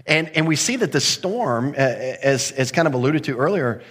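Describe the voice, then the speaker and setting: A man preaching a sermon, lively and humorous, acting out the voices of characters as he teaches. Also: mid-range voice, normal speed, husky. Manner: animated, acts out voices of the sailors with humor. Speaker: pastor. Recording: echoey hall with long reverb.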